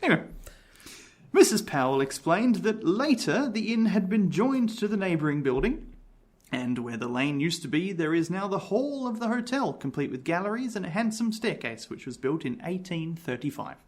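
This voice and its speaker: Brief: man, fairly high voice, reads aloud and chats easily as a podcast host. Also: very animated, normal speed, darkish tone. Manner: reads aloud from a book, chatty and laughing. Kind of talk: casual chat and reading aloud.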